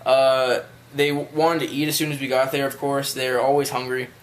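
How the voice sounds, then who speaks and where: A man's voice: medium pitch, little pitch movement, normal speed. A man telling a rambling, casual story to his viewers, with loose phrasing and frequent swearing. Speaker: vlogger.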